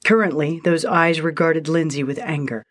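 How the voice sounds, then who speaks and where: A woman narrating a short story in a steady, measured reading style. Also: deep voice.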